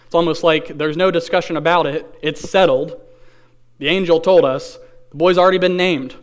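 A man preaching a sermon, reading scripture aloud and then explaining it in an earnest, conversational way, with rhetorical questions and slow, stressed key phrases. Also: a little high, steady tone, smooth. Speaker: pastor.

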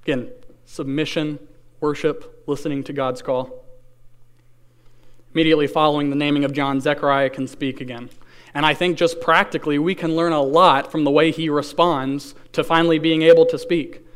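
A man preaching a sermon, reading scripture aloud and then explaining it in an earnest, conversational way, with rhetorical questions and slow, stressed key phrases. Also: on the high side, fairly even intonation, clean tone. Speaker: pastor.

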